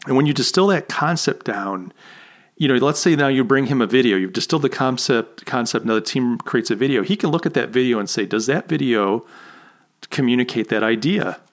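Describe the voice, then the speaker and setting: A man hosting a podcast interview in a relaxed, chatty way. His voice sits at an everyday middle pitch and he jokes as he goes. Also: a little fast. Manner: chatty, laughs at own jokes. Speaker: podcast host. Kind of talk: casual interview chat.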